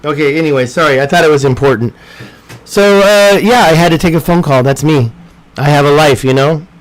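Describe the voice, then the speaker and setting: A man's voice: a little high, fairly quick, rough recording. A man teaching an informal online English lesson, rambling and talking to himself as he edits his slides. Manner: rambling, talks to himself while editing slides.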